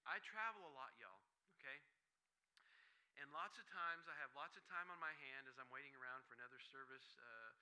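A man's voice: medium pitch, brisk, smooth, rough recording. A middle-aged man preaching a sermon, telling stories and acting out the people in them. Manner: animated, acts out quoted voices, laughs at his own stories. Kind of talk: sermon with storytelling.

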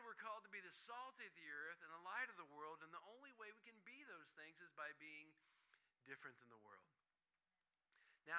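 A middle-aged man preaches with a drawl, his voice bright and forward with a touch of extra height. He tells stories with lively energy, slipping into the voices of the people he meets. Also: on the high side, rough recording. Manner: animated, acts out quoted voices, laughs at his own stories. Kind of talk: sermon with storytelling.

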